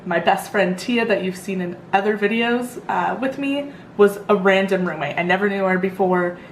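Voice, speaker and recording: A woman's voice: mid-range voice, normal speed, slight background noise. A young woman vlogger telling a story in a casual, rambling way, full of fillers. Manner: chatty, rambling, lots of fillers. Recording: echoey room.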